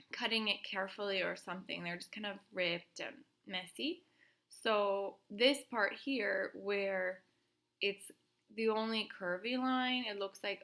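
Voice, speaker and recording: A woman art teacher speaks slowly and clearly to young students, pausing to ask questions and point things out. Her voice has a bright, forward ring. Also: mid-range voice. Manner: slow, gentle and explanatory, asking questions aloud. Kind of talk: recorded art lesson for children.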